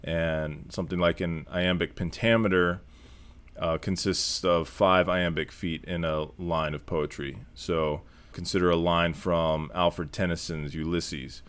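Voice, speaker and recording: A man reading a classic history aloud and explaining it in a measured lesson. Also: sits low, steady tone, a bit bright, smooth. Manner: measured, explanatory, with occasional restarts. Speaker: history lecturer.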